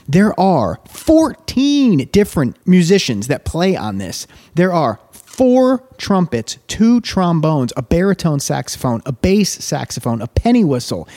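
Reading a song's lyrics aloud and explaining them as he goes, a man hosts a podcast of casual music commentary. His voice is warm and fairly high, and his manner is eager and enthusiastic.

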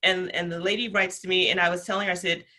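A woman guest on a podcast interview, talking about customer service with passion, energetic and chatty with plenty of fillers. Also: on the low side, fast.

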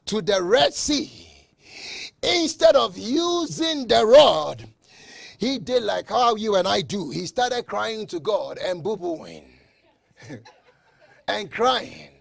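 A man preaching a sermon, shouting scripture with slow dramatic emphasis and swinging between loud proclamations and quiet asides. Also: sits high, vocal fry, no room sound, studio quality. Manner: quoting scripture.

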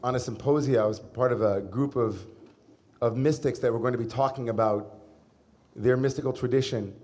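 A middle-aged man, a rabbi, giving a sermon in a conversational storytelling manner with gentle humor. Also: medium pitch, moderate pace.

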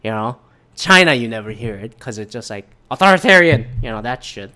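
A man's voice: mid-range voice, expressive, fairly quick, sharp tone. A man ranting casually about the news, heated and rambling, swearing often and mimicking other people. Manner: mimics others in quoted asides. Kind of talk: casual rant on current events.

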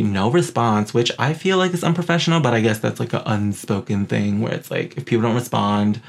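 A young man from Queens, New York, hosting a podcast in sassy, animated casual chat. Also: lowish voice, vocal fry. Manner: sassy, animated, says "girl" a lot. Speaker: podcast host.

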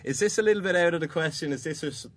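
A man's voice: on the high side, fast talker, fairly bright tone. A man hosting a football podcast from a studio, chatting loosely and laughing as he talks. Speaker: podcast host. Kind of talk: casual sports chat.

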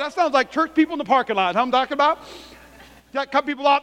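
A man's voice: very high voice, quick pace. A man preaching a sermon as pastor, calling out to the congregation and acting out the scripture's voices. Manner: animated preaching, calls out to congregation. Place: church sanctuary. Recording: church hall with long reverb.

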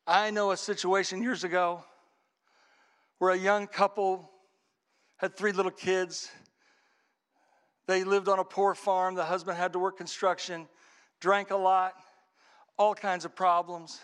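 A man preaching a sermon, telling a story dramatically, his voice swinging from hushed to shouting. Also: high voice, unhurried, long pauses.

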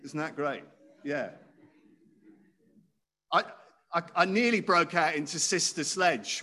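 A man's voice: a little high, slow, long pauses, bright, forceful tone. A man preaching a sermon in a conversational way, often asking his listeners questions. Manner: conversational, asks the audience questions.

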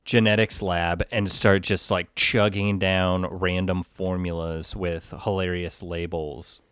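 A man with a very deep voice, talking films as a podcast co-host. He is measured and deadpan, and makes his jokes with a straight face. The recording is dry and close. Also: smooth, no room sound. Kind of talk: casual film chat.

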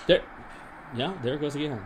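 A man hosting a podcast, deadpan and rambling with many restarts, in an improvised comedy monologue and mock interview. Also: fairly high pitch, a little fast, slight background noise. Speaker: podcast host.

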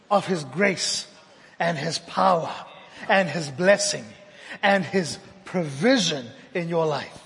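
A man with a high voice delivers a sermon, rising to loud repeated declarations and dropping to near-hushed lines. His voice rings with long reverb in a church hall. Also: slow pace, creaky. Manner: dynamic delivery, swinging from loud emphatic repetition to hushed intimate tones. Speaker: preacher.

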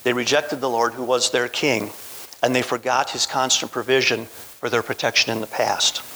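A man's voice: medium pitch, steady tone, normal speed, sharp tone, slight background noise, poor audio. A man preaching a sermon, retelling a Bible story in a storytelling manner. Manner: storytelling, voicing Bible characters in quotes.

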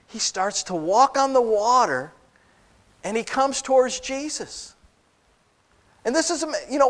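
A male pastor preaching a sermon, telling a Bible story with animated asides and acted-out lines. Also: sits high.

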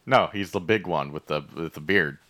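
Deep, bright-toned guy recapping casually. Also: normal speed. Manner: rambling, profane, playful recap with silly nicknames. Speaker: podcast co-host recapping an episode. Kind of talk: casual chat.

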